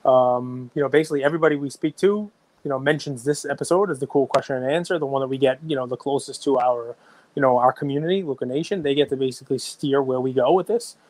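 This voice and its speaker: Fast-talking excitable middle-aged man. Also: mid-range voice. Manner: excitable, rambling, self-described runaway train. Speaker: podcast co-host. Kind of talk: casual podcast chat.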